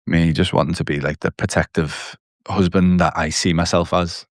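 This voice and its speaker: Deep, gravelly-voiced man, guest on a podcast, blunt personal storytelling, dry close sound. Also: fairly even intonation, normal speed, no room sound. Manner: candid, blunt storytelling with swearing.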